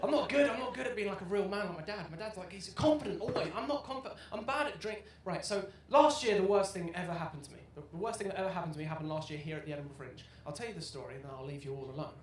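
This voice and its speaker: A young man in his twenties doing a stand-up comedy set, telling self-deprecating stories and bursting into loud shouted punchlines. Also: sits high, racing, hardly any pauses, slight background noise. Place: comedy club stage with live audience. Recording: roomy live venue sound. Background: audience laughter.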